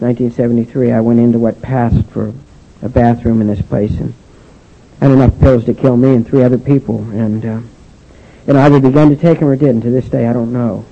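Older man, gravelly, mid-pitched, halting testimony speaker, dull lo-fi recording. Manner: halting, with frequent "and, uh" restarts. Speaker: speaker sharing his recovery story. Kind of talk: personal testimony speech.

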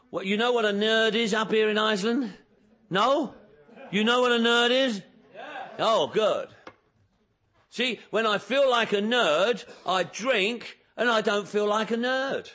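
A man speaking at a recovery meeting, telling his own story with humor and acting out the dialogue. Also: sits high. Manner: lively storyteller who acts out dialogue and jokes about himself. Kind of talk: humorous personal testimony to an audience.

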